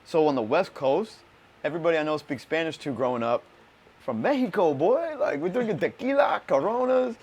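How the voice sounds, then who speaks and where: A man's voice: fairly high pitch, expressive, fairly quick, darkish tone, husky. A man hosting a podcast, chatting casually in a loose, profane, slangy way. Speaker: podcast host. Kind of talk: casual chat.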